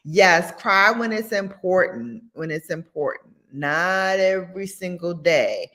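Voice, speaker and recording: Woman, vlog host, sassy and blunt, lower pitch, lively swoops in tone. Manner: blunt, sassy, animated asides. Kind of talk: casual commentary vlog.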